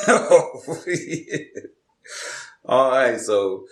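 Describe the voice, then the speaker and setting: Animated laughing male co-host. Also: medium pitch, extremely slow. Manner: animated, laughing, preacher-like emphasis. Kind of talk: casual chat. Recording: roomy room echo.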